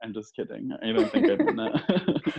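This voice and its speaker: A man's voice: medium pitch, huge pitch swings, normal speed, a little mellow, husky, muffled recording. A man hosting a podcast, chatting casually and teasing his guest with frequent giggles. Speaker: podcast host. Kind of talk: casual chat.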